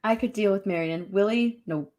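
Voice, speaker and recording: A woman co-hosting a casual livestream, chatting in an animated, enthusiastic way. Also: medium pitch, moderate pace. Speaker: co-host.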